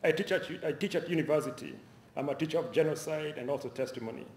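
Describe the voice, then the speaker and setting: A man's voice: on the high side, fast, a little hiss or hum, natural voice. A man reading as a cool, aloof professor. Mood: dismissive. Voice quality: clipped, broken English phrasing. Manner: calm, dismissive. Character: composed, aloof male professor suspect. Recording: roomy lecture hall echo.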